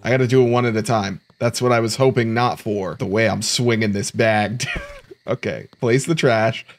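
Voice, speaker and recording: A man's voice: lowish voice, steady tone, moderate pace. A young man giving casual, joking let's-play commentary, talking to himself with sudden startled outbursts. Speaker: gaming YouTuber.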